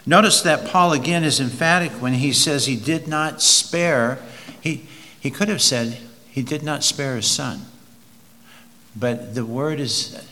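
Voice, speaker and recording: A man's voice: medium pitch, bright, forceful tone, big-room sound. A man preaching an expository sermon, reading verses aloud and leaning hard on key words. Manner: slow, emphatic, drawn-out stresses on key words.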